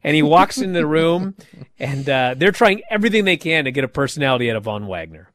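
A man hosting a wrestling podcast recaps the action in casual chat, his lively, swooping voice pitched a little high for a man. He speaks quickly, telling stories animatedly and slipping into mocking impressions. The sound is dry and close to the mic, with no echo.

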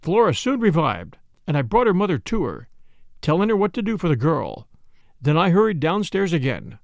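A man narrating a novel as an audiobook reader, steady and expressive. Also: fairly high pitch, moderate pace, creaky, no echo, clean studio sound.

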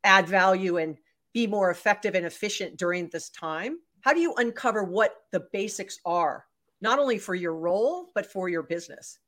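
A woman hosting a conversational interview, asking long, rambling questions with fillers and quick laughs. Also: mid-range voice, expressive, a bit bright. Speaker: interview host.

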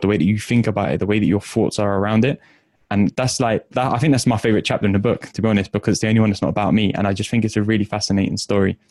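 A man, an author and coach, telling stories and answering viewers in a casual livestream Q&A, chatty and quick, with lots of fillers. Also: lowish voice, darkish tone, dry recording, clean studio sound.

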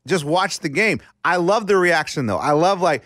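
Lively, teasing man, dry and close. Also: on the high side, no echo. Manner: teasing, quick to mock. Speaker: radio show co-host. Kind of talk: casual sports banter.

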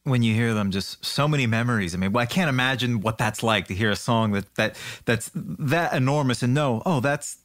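Male interviewer, halting questions, mid voice, dry close sound. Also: medium pitch, fairly bright tone, no room sound. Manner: hesitant, stumbling into questions. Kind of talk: conversational interview.

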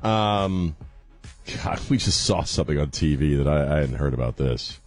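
A man's voice: a bass voice, fast, faint music behind. A man hosting a talk radio show, joking and laughing in casual banter. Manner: jokey, laughing, mocking. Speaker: radio host.

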